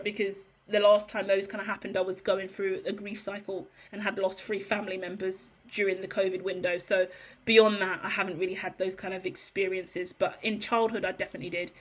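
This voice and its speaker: A woman's voice: medium pitch, a bit bright. A woman giving a heated, profane monologue to camera as a tarot reader, blunt and ranting.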